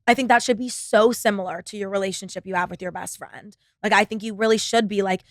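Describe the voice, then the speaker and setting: A young woman rants through her own podcast episode in a blunt, swear-laden ramble, dropping "like" every few words. Her voice sits at an ordinary pitch and is recorded dry and close, with no room sound around it. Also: steady tone, fast talker, dry recording. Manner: blunt, profane, filler-heavy with frequent "like". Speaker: podcast host. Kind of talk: casual solo podcast monologue.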